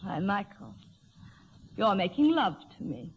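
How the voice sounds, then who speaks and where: An actress playing a young heiress who is facing an early death, breathless and pleading, in a 1930s radio drama. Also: female voice, medium pitch, big pitch swings, a little slow, a little hiss or hum. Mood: wistful. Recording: dull old radio broadcast recording.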